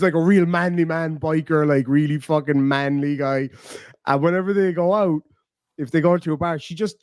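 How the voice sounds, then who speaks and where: A man's voice: fairly high pitch, no echo, clean studio sound. A man hosting a casual late-night stream, telling stories with lots of swearing and laughter. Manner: profane, laughing storyteller. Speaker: streamer host.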